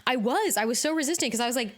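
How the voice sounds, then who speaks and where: A woman's voice: high-pitched, animated. Bubbly woman streamer chatting to her viewers. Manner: bubbly, chatty, quick to laugh. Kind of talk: casual live-stream chat while gaming.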